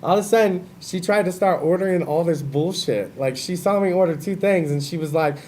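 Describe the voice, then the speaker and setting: High-voiced young man telling crude stories. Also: brisk. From California. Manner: crude, swearing, animated storyteller. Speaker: host. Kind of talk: casual storytelling on a talk show.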